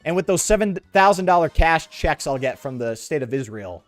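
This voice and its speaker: A man's voice: a little high, animated, a little fast, hardly any pauses, dry recording, faint music behind. A young man streaming a game, rambling sarcastically with his chat in slangy, offhand talk. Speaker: gaming streamer. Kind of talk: casual let's-play commentary with chat.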